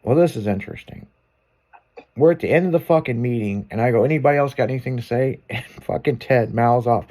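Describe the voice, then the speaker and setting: A man's voice: mid-range voice, fast talker, mellow. A man who runs a shop, telling stories in casual chat, swearing and laughing a lot. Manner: profane, laughing storyteller.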